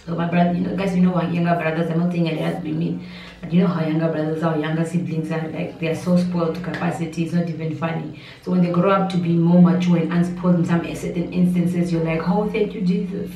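A woman talks through a hard personal story, rambling and restarting, yet her voice stays steady. Her tone is mellow and a little low. She sounds somewhat distant from the mic, in a roomy space with a muffled, faintly noisy sound. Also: fast talker, vocal fry. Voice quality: steady voice that does not break. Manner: rambling, emotional, with many restarts and asides. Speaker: vlogger.

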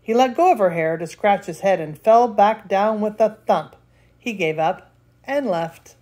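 An older woman, a grandmother, reading a picture book aloud with lively expression. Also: medium pitch, measured pace. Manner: expressive, laughs between lines. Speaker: storyteller.

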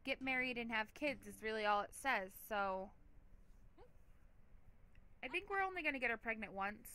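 A woman's voice: a little high, expressive, normal speed, bright, forceful tone. A woman hosting a let's play, giving chatty, giggly gameplay commentary with a lot of "like".

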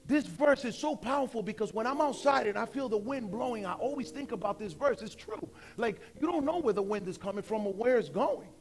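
A man in his forties preaching a sermon as pastor, conversational and emphatic, slowing down to stress points. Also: extremely high pitch, animated, soft background music. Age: 40s.

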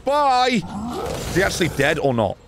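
A man giving exasperated, animated gaming commentary as a streamer, swearing often. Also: high-pitched, normal speed, heavy background noise.

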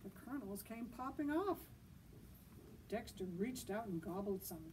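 A woman librarian reading a picture book at a children's storytime, gently asking her listeners questions as she goes. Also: mid-range voice, lively intonation, a little slow, distant mic, a little hiss or hum, poor audio. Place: outdoors.

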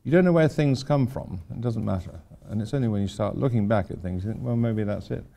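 A man's voice: on the low side, brisk, gravelly, dark tone. An older man giving an informal architecture lecture to students, rambling with wry, self-deprecating asides. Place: lecture hall at a university.

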